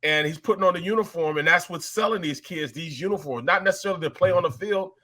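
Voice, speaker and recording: A man's voice: sits high, quick pace, sharp tone. A man from St. Louis hosting casual sports talk, laid-back and rambling. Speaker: host.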